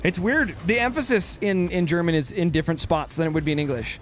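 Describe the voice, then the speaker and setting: Guy streaming a game, kinda high voice, goofing around sounding out words, little bit of game music behind. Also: fast talker. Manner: playful, sounds out words aloud. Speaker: livestream gaming host. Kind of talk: casual game commentary.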